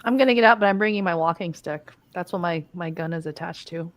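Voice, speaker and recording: A woman's voice: fairly low pitch, fast talker, no room sound. A woman playing a tabletop game, chatting casually and giggling playfully. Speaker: player.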